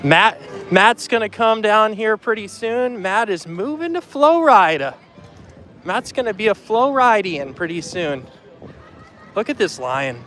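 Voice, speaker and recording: A man's voice: high voice, expressive, measured pace, sharp tone. A man hosting a casual live vlog outdoors in a theme park. He chats freely on a handheld phone and greets viewers by name as he walks. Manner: chatty, greets viewers by name while walking. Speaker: livestream host.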